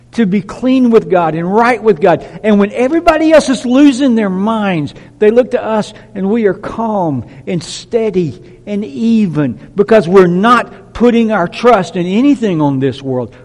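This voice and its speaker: A man preaching a sermon, emphatic, dropping to a hush and rising to loud declarations. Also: high-pitched, in a large hall. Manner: emphatic, swinging from hushed to loud.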